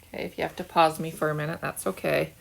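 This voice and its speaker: A woman teacher speaks in a deep, level voice with vocal fry as she gives second graders a phonics lesson from her home. Slowly and patiently, she has them echo the words she says.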